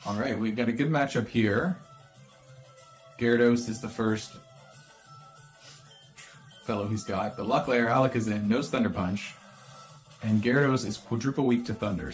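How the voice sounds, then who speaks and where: A man co-hosting a let's-play, thinking aloud in a relaxed way. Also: on the low side, moderate pace, pauses often, soft background music. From Canada. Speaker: co-host, gamer. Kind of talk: casual let's-play commentary.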